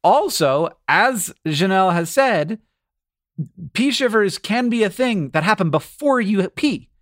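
A man with an American accent and a fairly high voice, co-hosting a chat show. He laughs easily and talks through scientific ideas in a loose, rambling way. The sound is close and dry. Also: lively intonation, a little slow, fairly bright tone, no echo. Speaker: podcast co-host. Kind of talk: casual chat.

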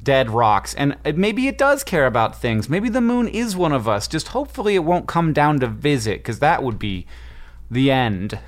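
A man co-hosting a podcast, chatting playfully with his brother, laughing often and tossing in quick asides. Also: mid-range voice, big pitch swings. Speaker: podcast co-host. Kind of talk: casual chat with brother, reading listener questions.

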